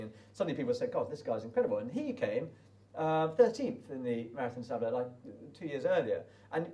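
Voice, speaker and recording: A British man recalls his race in a loose, chatty ramble, tripping over restarts as he speaks at a brisk clip. His voice is mellow and warm. He sits a little back from the microphone, so he sounds slightly distant. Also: mid-range voice. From Britain. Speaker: desert race runner. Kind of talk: casual spoken recollection.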